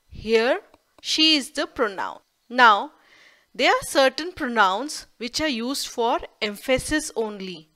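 A woman giving a scripted grammar lesson, speaking slowly and carefully and stressing each example sentence. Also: fairly high pitch, expressive, sharp tone. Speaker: teacher.

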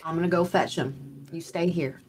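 A woman voices a young granddaughter tending an old relative, patient and reassuring. Her voice is a touch low for a woman and stays calm. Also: normal speed, noisy background, lightly acted. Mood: soothing.

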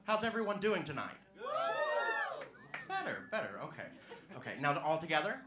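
A stand-up comedian from Georgia working the crowd with self-mocking punchlines. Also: male voice, fairly high pitch, very animated, normal speed, heavy background noise. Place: comedy club stage. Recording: echoey club room.

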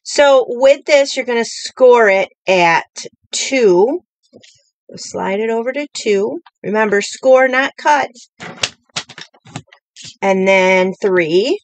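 A woman's voice: on the high side, expressive, takes it slowly, no echo. A woman hosting a live-streamed craft tutorial from a home craft table, talking in a chatty, rambling way with many fillers. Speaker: craft demonstrator.

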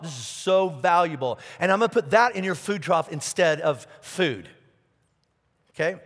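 A man preaching a sermon as pastor, animated, asking rhetorical questions and often repeating his words. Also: sits high, long reverb tail. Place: church auditorium.

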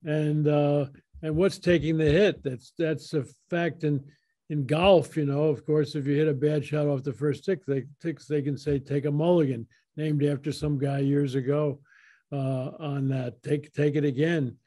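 A man's voice: on the high side, level tone, measured pace, mellow. An older man, a guest author, telling folksy anecdotes in a casual interview and quoting conversations as he goes. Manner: folksy anecdotal storyteller, quotes others in dialogue.

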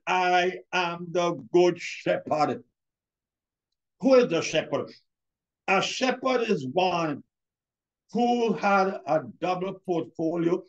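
Emphatic high-voiced preaching man, slow. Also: lo-fi sound. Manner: emphatic preaching with drawn-out words and pauses; addresses listeners as beloved. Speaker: pastor. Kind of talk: sermon.

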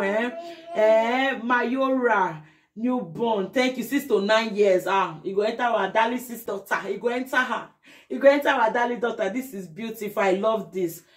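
A young woman with a Nigerian Pidgin English accent, chatting effusively in a casual unboxing vlog. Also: a little high. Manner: effusive, breaks into sing-song chants. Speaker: vlogger.

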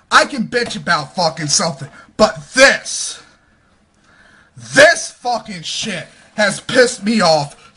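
A man in an angry, profane vlog rant, snarling and at times shouting. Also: high-pitched, husky. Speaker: vlogger.

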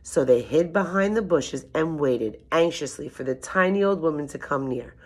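A woman with a low voice reads a children's picture book aloud. Her pitch rises and falls a lot as she tells the story expressively. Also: animated, normal speed, darkish tone, breathy edge.

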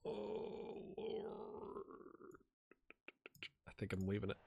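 A man casually commentating his own football video game, excitable and wry, jumping from loud cheering to quiet muttering. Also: high-pitched, extremely slow, gravelly, a little hiss or hum. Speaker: gaming channel host.

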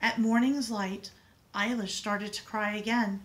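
A woman reading a picture book aloud in an expressive, dramatic way. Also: medium pitch, measured pace, poor audio.

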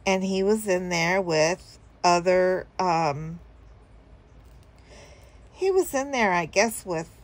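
A woman's voice: lowish voice, expressive, slow, long pauses. A woman telling a story casually to her viewers, rambling with fillers and chuckling now and then. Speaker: vlogger.

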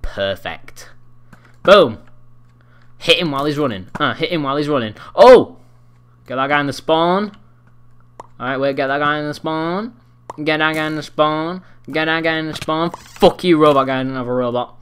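Excitable teen gamer, swearing. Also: male voice, fairly high pitch, a little fast, smooth. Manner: excitable, swearing, trash-talking. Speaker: gaming commentator. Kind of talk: gameplay commentary.

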